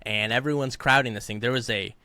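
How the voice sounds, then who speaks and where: A man's voice: medium pitch, fairly even intonation, brisk, bright, forceful tone, clean tone, no echo. A man co-hosting a podcast, fired up and ranting in heated political commentary, mocking the people he quotes. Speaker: podcast co-host.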